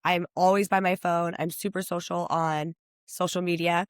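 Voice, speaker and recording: A woman's voice: little pitch movement, normal speed, clear, resonant tone, dry recording. Woman in her thirties, personal stylist guest, chatty and enthusiastic, dry close sound. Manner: enthusiastic, chatty, acts out quotes with high-pitched voices. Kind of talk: upbeat podcast interview.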